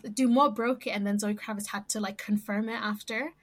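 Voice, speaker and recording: A woman co-hosting a podcast in casual chat, talking haltingly with many restarts and fillers. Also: medium pitch, steady tone. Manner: hesitant, full of "like" and trailing restarts. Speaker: podcast co-host.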